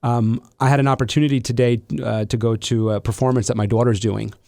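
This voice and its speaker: A man's voice: mid-range voice, steady tone, quick pace, gravelly, a little mellow, no room sound, studio quality. A middle-aged man hosting a podcast, talking reflectively with many restarts and fillers. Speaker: podcast host. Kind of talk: casual interview conversation.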